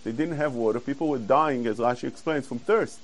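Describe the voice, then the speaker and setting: A man giving a Torah class, explaining verses earnestly and quoting Hebrew quickly. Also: mid-range voice, poor audio. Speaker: Torah teacher.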